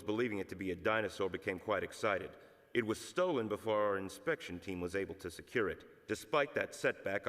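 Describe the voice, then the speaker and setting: A man's voice: low voice, fairly bright tone, in a large hall. A man giving a formal, report-like scripted briefing. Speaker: briefing narrator. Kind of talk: scripted narration.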